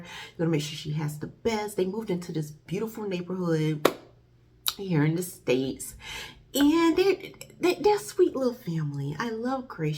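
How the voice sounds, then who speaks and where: A woman's voice: on the low side, a little mellow. A woman chatting casually as she reviews a movie for her channel, talking to her viewers as "y'all". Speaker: faith-based movie reviewer. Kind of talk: casual video review chat.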